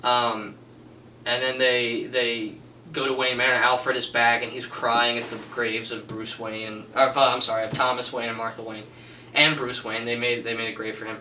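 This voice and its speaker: A man's voice: medium pitch, little pitch movement, moderate pace, bright, forceful tone, reverberant, distant mic, slight background noise, low-quality recording. A man giving a casual spoken film review, gushing and rambling with many restarts and fillers. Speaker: movie reviewer.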